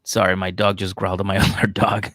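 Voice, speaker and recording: A man's voice: deep voice, little pitch movement, quick pace, fairly bright tone, no echo, clean studio sound. A man co-hosting a comedy podcast, chatting loosely and rambling, with frequent laughs. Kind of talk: casual chat recapping a reality show.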